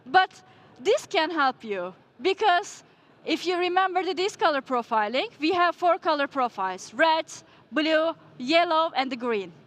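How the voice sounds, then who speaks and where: Woman, conference presentation, high pitched, explanatory, rhetorical questions, slightly non-native English. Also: lively intonation, unhurried, a bit bright. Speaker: conference speaker on leadership. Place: conference stage before an audience.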